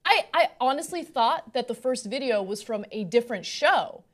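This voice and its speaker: Exasperated high-pitched female co-host. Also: expressive, normal speed. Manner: exasperated, swearing, emphatic. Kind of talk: casual political commentary.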